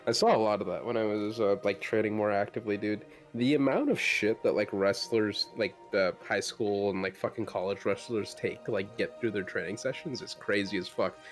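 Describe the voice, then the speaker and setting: A man's voice: fairly low pitch, fairly even intonation, a little fast, hardly any pauses. A man chatting loosely on a livestream, swearing often and padding his talk with fillers, with faint music behind. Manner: profane, loose, lots of fillers. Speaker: podcast co-host. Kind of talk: casual chat on a livestream.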